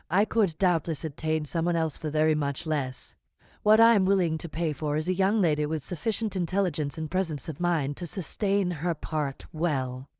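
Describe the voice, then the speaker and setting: A woman voicing a large, scheming middle-aged man in an audiobook, unctuous and measured as he persuades. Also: sits low, darkish tone, no room sound, clean studio sound, natural voice. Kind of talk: audiobook character reading.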